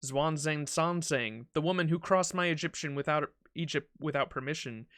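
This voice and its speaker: A man's voice: fairly high pitch, moderate pace, a bit bright, no room sound, studio quality, lightly acted. A man reading a proud ancient pharaoh king in a game, with a pompous, regal, mocking delivery. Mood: haughty.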